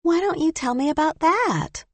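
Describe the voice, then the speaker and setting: A woman's voice: high voice, animated, normal speed, dry recording, voice pushed up. A woman voicing a pushy magazine reporter, upbeat and probing, in an audiobook. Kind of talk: audiobook character voice.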